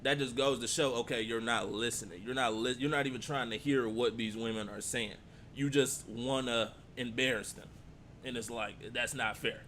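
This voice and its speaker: A man's voice: medium pitch, steady tone, normal speed, a bit bright, slight background noise. A man giving casual reaction commentary on a clip, talking back at it and repeating his points. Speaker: reaction streamer.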